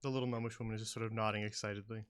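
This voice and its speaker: A man narrating as game master, pausing often with fillers. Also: lowish voice, level tone, clean tone. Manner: hesitant, many fillers.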